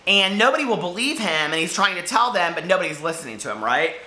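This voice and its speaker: A man's voice: high-pitched, sing-song, fast, bright, forceful tone, echoey room. A man chatting casually about books he read this week, rambling and giggling, overheated in a hot room. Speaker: book vlogger. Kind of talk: casual chat.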